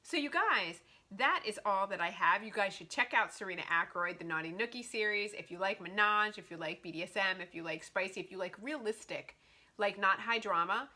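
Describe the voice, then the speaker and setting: Reviewing a romance novel in a laid-back vlog, a woman talks a little fast at medium pitch. Her delivery is animated and chatty, with "like" scattered all through it.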